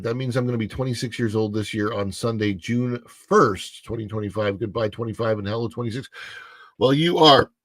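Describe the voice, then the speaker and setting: A man's voice: medium pitch, pushed and bright, dry recording. A man in his fifties hosting a casual livestream, rambling and self-deprecating, with frequent fillers and restarts. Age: 50s. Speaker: livestream host.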